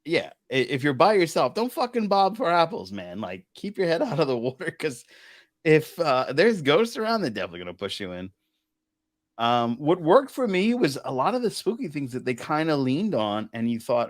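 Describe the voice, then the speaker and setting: A man hosts a casual movie review chat, with an animated, swearing delivery. His pitch jumps around a lot. The sound is dry and close. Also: moderate pace, no echo. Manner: animated, swears, laughs often. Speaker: host.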